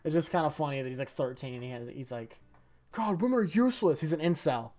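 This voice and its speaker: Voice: medium pitch, fast talker, a little mellow. Rambling, chatty manga reviewer. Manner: rambling, chatty, often laughing. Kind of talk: casual manga chapter review.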